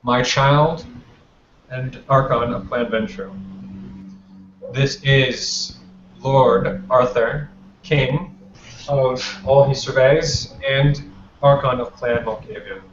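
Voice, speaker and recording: A man's voice: medium pitch, steady tone, slow, pauses often, lightly acted. A man voicing a dignified, authoritative female vampire Justicar who makes formal introductions in a tabletop game. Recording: roomy, dull lo-fi, faint noise.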